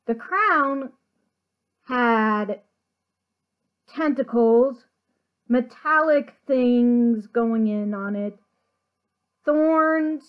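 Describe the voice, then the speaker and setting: A woman chatting casually about her artwork, slow and meandering as she pauses to recall details. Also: on the high side, lo-fi sound. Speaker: artist and channel host.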